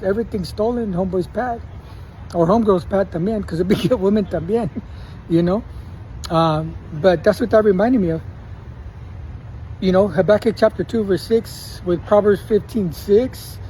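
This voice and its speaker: Man, casual preacher, high voice, faint street noise behind. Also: dark tone, low-quality recording. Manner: casual, mixes Spanish words into English, chuckles often. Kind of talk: informal devotional sermon.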